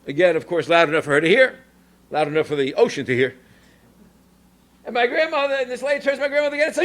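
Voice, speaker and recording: A man from New York, a rabbi and educator, telling an animated personal story in a Torah talk, sprinkled with Yiddish and Hebrew terms. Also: high voice, quick pace, pauses often.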